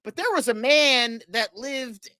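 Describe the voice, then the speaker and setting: A man's voice: very high-pitched, slow, sharp tone, no room sound. A young man co-hosting a casual podcast, ranting with heavy profanity and exasperated sarcasm. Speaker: co-host.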